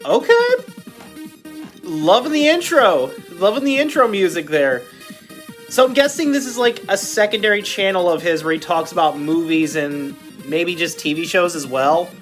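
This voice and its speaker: A man's voice: high-pitched, animated, moderate pace, a bit bright, faint music behind. An upbeat man hosts a reaction video in a loose, casual way. He rambles and keeps correcting himself mid-sentence. His voice now and then cracks.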